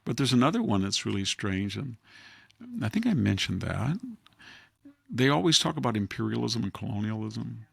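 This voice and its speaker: A man's voice: fairly low pitch, sing-song, moderate pace, creaky, fairly bright tone, breathy edge, no echo, studio quality. A man hosting a podcast, giving casual political commentary in a sarcastic, wry way. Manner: sarcastic, wry, laughs at his own jabs. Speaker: podcast host.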